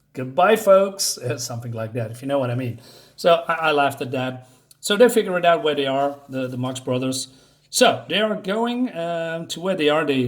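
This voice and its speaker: A man whose first language is not English, reviewing a comic in casual, rambling speech full of fillers and frequent chuckles. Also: on the high side. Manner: rambling, hesitant, many fillers; chuckles often.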